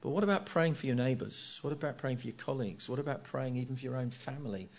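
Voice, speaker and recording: A man's voice: mid-range voice, quick pace, creaky. A middle-aged man preaching a sermon, earnest, repeating key phrases and asking rhetorical tag questions.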